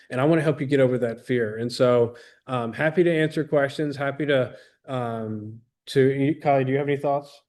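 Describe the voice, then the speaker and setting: At a moderate pace, a man with a mid-range, darkish voice gives an audience an earnest, rambling motivational talk. He's a business trainer in his thirties, and his speech is full of restarts and acted-out quotes.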